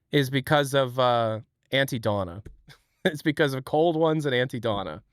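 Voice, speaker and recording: A man's voice: a little high, animated, normal speed, smooth, dry recording, studio quality. A young man from Ohio, chatting on a livestream in a rambling, self-deprecating way. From Ohio, USA. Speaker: streamer. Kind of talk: casual livestream chat.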